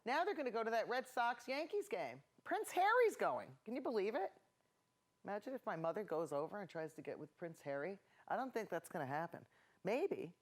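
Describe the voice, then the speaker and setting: A woman's voice: medium pitch, very animated, fairly quick. A middle-aged woman hosting a painting lesson, rambling through self-mocking stories as she paints. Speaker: painting show host.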